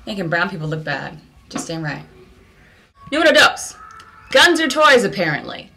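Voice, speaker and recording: Animated, bright-voiced woman vlog ranter. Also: moderate pace, pauses often. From California. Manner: slangy, animated storytelling with sudden high outbursts. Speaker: vlog host. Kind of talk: comic ranting vlog.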